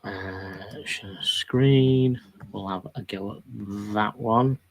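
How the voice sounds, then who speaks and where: A man's voice: on the low side, drawn-out words. A man hosting a live stream, chatting casually and greeting viewers from the chat by name. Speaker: livestream host.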